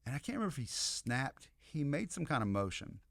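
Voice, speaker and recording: An American man and podcast guest telling an animated, rambling story in casual chat, with many asides to the listeners. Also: mid-range voice, a little fast, creaky, dry recording, studio quality. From United States.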